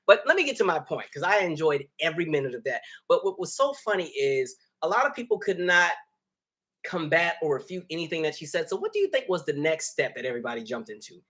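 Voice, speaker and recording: Man, livestream host, casual commentary, animated, fairly high voice. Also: fast. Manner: animated, laughing, reads viewer chat aloud.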